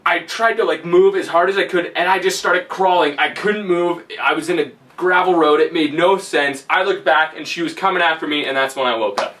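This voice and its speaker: A man tells a long story in a loose, rambling way, laughing and filling pauses. His voice is fairly high and very bright. He sits some distance from the mic. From Canada. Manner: rambling, laughing, full of fillers. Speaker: vlogger. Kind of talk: casual storytelling.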